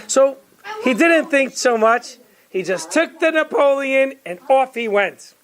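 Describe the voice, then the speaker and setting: A woman telling a story in a lively, conversational way, with asides to her listeners. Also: high-pitched, measured pace. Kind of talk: storytelling to an audience.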